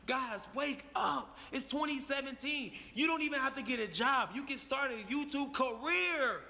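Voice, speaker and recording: A young man tells his story in a heated, profane, emphatic voice. His voice sits high and sounds sharp and forceful. A long reverb trails after his words. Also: moderate pace, creaky. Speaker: YouTuber telling his story. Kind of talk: animated storytelling.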